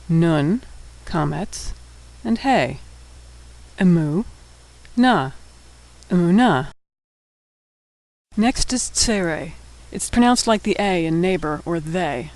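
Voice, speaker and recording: A man from the United States, teaching an alphabet lesson in scripted narration and slowly sounding out letters, vowels and syllables. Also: high voice, darkish tone, poor audio.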